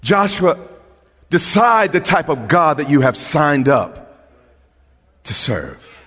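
A male preacher delivering a sermon emphatically, swinging from hushed lines to shouting. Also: a little high, very animated, slow pace, slightly rough. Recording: reverberant church hall.

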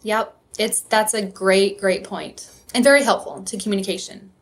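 A woman's voice: mid-range voice, steady tone, normal speed. A woman in a casual discussion who affirms others' points and explains communication ideas in a teacherly way. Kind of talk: casual chat.

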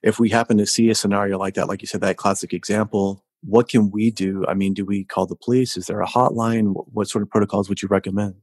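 A man hosting an interview who asks follow-up questions in a quick, inquisitive way. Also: on the low side, flat delivery, darkish tone. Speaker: interview host.

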